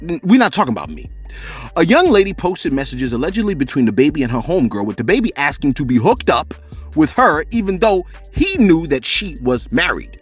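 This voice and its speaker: A man hosting a celebrity gossip channel, talking in animated, joking street slang. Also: fairly high pitch, fairly quick, slightly rough, soft background music.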